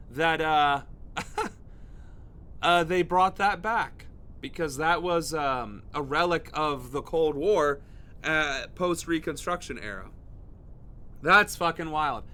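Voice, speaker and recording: A man from the United States rants through his political livestream, his voice riding high and ringing bright. He swears freely and leans hard into sarcasm and contempt. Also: lively intonation, slow pace. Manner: profane, heated, sarcastic. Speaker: political streamer and host. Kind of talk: ranting political commentary on a livestream.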